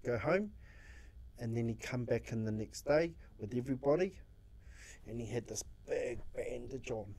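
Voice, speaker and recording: A man recounts stories from his social work in a casual interview. He has a warm, mellow voice at an ordinary pitch and acts out his own quotes, swearing freely. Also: moderate pace. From New Zealand. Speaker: social worker guest.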